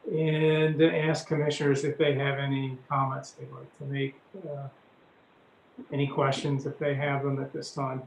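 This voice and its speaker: A man chairing a public meeting, speaking haltingly with many fillers. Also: fairly high pitch, reverberant, a little hiss or hum, poor audio. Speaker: commission chairman.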